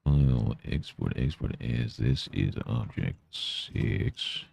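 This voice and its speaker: Very deep, gravelly-voiced man streaming. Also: animated, takes it slowly, darkish tone, no echo. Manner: mutters to himself while working, mock-scolds his pet. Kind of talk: casual live-stream chatter.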